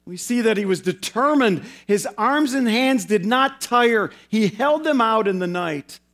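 A male pastor preaching a sermon in an earnest way, slowing down and repeating phrases for emphasis. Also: sits high, animated, fairly bright tone.

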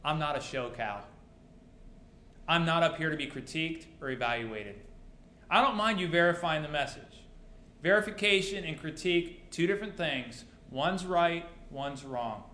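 A man's voice: a little high, moderate pace, bright, forceful tone. Pastor man with dry humor, roomy church. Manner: rhetorical questions, dry humor. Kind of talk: sermon. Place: church sanctuary.

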